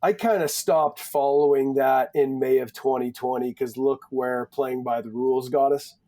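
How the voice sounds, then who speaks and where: A man's voice: medium pitch, steady tone, normal speed, mellow. A young Canadian man from Alberta, a podcast guest talking in a joking, profane, rambling way. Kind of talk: casual podcast chat.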